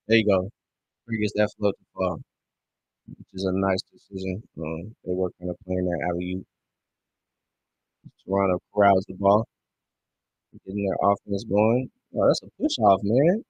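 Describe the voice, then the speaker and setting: A young man streaming a basketball watch-along, chatting casually in slang and breaking into loud yelling over referee calls. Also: low-pitched, moderate pace, long pauses, breathy edge, no echo, highs cut off. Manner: excitable fan commentary, bursts into loud yelling at calls; casual slang, calls listeners bro and dog. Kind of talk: live game watch-along commentary.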